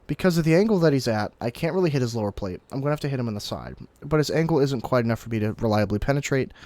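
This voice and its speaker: Casting: young male gaming commentator, mid-pitched, chatty and explanatory with quick excited bursts, close dry mic. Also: no room sound. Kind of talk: casual gameplay commentary.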